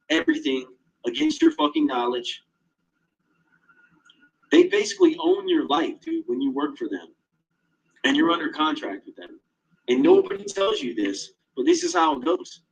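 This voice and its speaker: A man's voice: fairly high pitch, gravelly, muffled recording. A man in an agitated, profane monologue, swearing constantly as he tells his story. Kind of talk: casual monologue.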